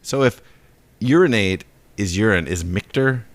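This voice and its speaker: A man co-hosting a podcast, casually explaining word origins in a relaxed way and often stopping to restart his sentences. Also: fairly low pitch, measured pace, no echo. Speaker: podcast co-host.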